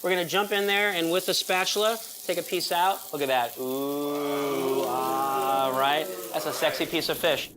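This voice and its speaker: A man's voice: sits high, steady tone, brisk, hardly any pauses, background noise. A man hosting a cooking show as the chef, chatty and upbeat, talking viewers through each step in a kitchen. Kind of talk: cooking demonstration.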